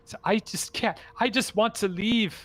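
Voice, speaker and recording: A man's voice: sits high, measured pace, a bit bright, pitched above the performer's own voice. A man voicing a desperate, forgetful wizard trapped inside a ring of stones, stammering and pleading over a video call. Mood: forlorn.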